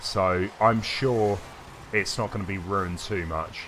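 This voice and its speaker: A man's voice: low voice, slow, fairly bright tone, a little hiss or hum. A man chatting casually on a live game stream, answering viewers in a rambling way with frequent hesitations. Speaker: gaming streamer. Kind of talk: casual live-stream commentary reading chat. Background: faint game music.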